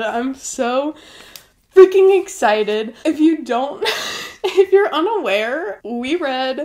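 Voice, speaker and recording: A woman hosting her own channel, chatting to camera in a gushing, excitable way while unboxing gifts. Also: sits high. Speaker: booktube host. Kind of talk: casual chat to camera, unboxing.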